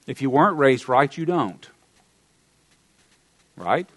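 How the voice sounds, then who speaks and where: A man's voice: very animated, takes it slowly, a bit bright, dry recording. Middle-aged Southern American male pastor, emphatic sermon delivery, dry close sound. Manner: emphatic preaching with wide swings in pitch and volume, Southern humor.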